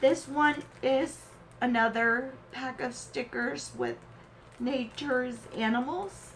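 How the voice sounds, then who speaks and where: Woman opening a craft swap box, super slow and halting, gushes over everything, faint hum behind. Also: high-pitched, very animated, low-quality recording. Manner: gushing and sentimental, exclaims often; halting, with pauses and fillers. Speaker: crafting vlogger. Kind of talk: unboxing a craft swap package.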